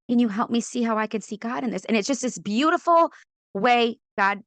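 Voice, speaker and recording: A middle-aged woman from California with a fairly high voice, talking through her faith testimony as an interview guest. She tells it with plenty of expression, acts out the voices she quotes, and laughs often. The sound is close and dry. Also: fairly quick, a bit bright, no room sound. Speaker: podcast guest, author.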